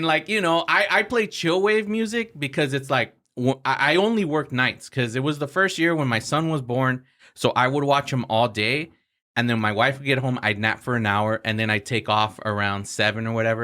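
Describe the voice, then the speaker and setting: A man's voice: mid-range voice, normal speed, sharp tone. A man as a podcast guest, telling stories in a casual, profane way and laughing as he acts out the people in them. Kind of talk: casual storytelling chat.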